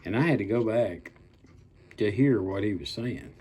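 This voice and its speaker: A man's voice: lowish voice, normal speed, mellow, breathy edge. An older man delivering an angry political rant, blunt and profane, stretching out words for emphasis and making threats. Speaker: political commentator.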